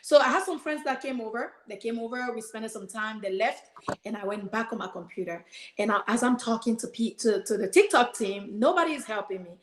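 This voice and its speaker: Woman, podcast guest, earnest storyteller, a bit high-voiced, echoey room. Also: brisk. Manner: earnest, animated retelling with quoted prayers. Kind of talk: emotional personal storytelling.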